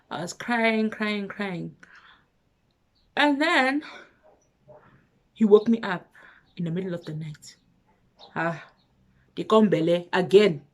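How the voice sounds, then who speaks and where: A woman with a South African accent telling a personal story on her vlog, lively, with hushed asides. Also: mid-range voice. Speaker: vlogger.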